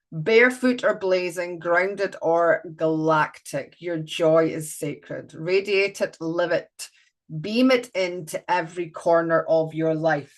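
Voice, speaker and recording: A woman doing a live oracle card reading, chatty and playful, breaking off to greet viewers. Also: fairly low pitch.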